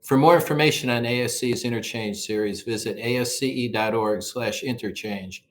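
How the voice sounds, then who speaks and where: A man's voice: mid-range voice, normal speed. A man hosting an interview series, keeping time and reading a polite closing announcement. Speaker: interview host. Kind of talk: scripted show wrap-up.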